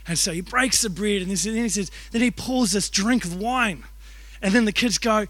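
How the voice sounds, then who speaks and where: A man, a youth and kids pastor telling stories in a sermon with animated, joking delivery. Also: high voice, fairly quick, no room sound. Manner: animated, jokey storytelling with acted-out voices. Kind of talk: storytelling sermon.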